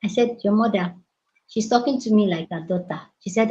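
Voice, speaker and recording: A woman hosting a casual chat, telling lively stories and mimicking other people's voices. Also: mid-range voice, fairly quick, a little hiss or hum. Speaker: host. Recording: roomy, slightly dull sound.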